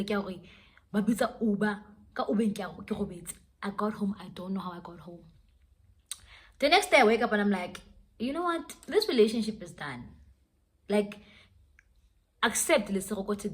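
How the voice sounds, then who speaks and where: A young woman telling a dramatic storytime vlog, switching languages as she goes. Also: mid-range voice. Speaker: vlogger. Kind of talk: storytime vlog, casual chat.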